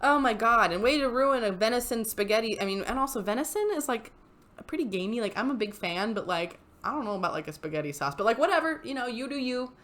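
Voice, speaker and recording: Exasperated lady ranting over reddit posts, voice swinging all over, kinda high. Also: fast. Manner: exasperated and animated, laughs often. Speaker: YouTuber reading and reacting to Reddit posts. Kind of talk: casual comedic commentary.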